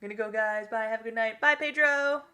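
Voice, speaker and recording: Bright-voiced chatty young woman streamer. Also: fairly high pitch, brisk. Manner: chatty, laughs often, rambling. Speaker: gaming live-streamer. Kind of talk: casual live-stream chat, reading viewer comments.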